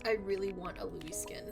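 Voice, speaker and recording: A woman's voice: mid-range voice, vocal fry. A young woman streaming a game live, talking to chat while she plays, exclaiming, swearing and ranting about her teammates. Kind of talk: live gameplay commentary.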